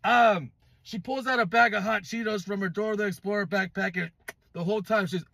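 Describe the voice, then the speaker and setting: A man's voice: high-pitched, brisk, creaky, pushed and bright, slight background noise. A man from California telling a dating story in a casual storytime vlog, blunt and profane, asking viewers to judge him.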